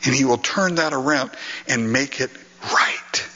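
A man's voice: medium pitch, unhurried, bright, forceful tone, husky, long reverb tail, dull audio. A male pastor preaching an earnest, emphatic sermon, often breaking into laughter.

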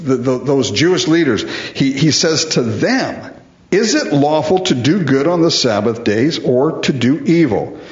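Male preacher, animated swings in pitch, echoey dull-sounding room. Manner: emphatic, rhetorical questions, repeats for stress. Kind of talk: sermon.

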